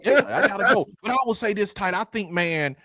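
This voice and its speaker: Laid-back man, higher voice. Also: expressive, a little fast, pushed and bright, no echo, studio quality. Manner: laid-back, conversational, frequent 'you know what I'm saying'. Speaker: podcast co-host. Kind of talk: casual sports debate.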